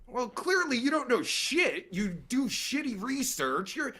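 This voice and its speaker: A man's voice: extremely high pitch, big pitch swings, unhurried, pushed and bright. A man ranting angrily and sarcastically as he reacts to a podcast clip, swearing constantly. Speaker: podcast host reacting to a recording. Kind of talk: profane ranting commentary.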